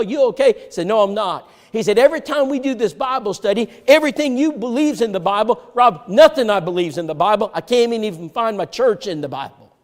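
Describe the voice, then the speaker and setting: Preacher telling a story in a reverberant hall. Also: male voice, sits high. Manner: acts out quoted dialogue with sharp swings from loud to hushed. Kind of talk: sermon storytelling. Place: church sanctuary.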